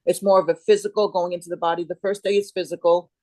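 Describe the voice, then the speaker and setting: A woman's voice: fairly low pitch, little pitch movement, fast talker, mellow, no room sound, rough recording. A middle-aged woman chatting as an interview guest, rambling and restarting as she searches for words. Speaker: guest, Kambo facilitator. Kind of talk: casual interview chat.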